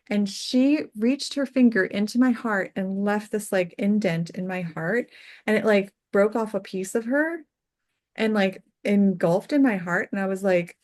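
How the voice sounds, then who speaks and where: A woman with a mid-range voice tells personal stories as a guest on an interview show. She speaks earnestly and from the heart, scattering "like" through her sentences. Her voice goes soft and quiet on the tender moments. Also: medium pitch, a little slow. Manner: earnest and heartfelt, peppered with "like" fillers. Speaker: death doula, podcast guest. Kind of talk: casual interview storytelling.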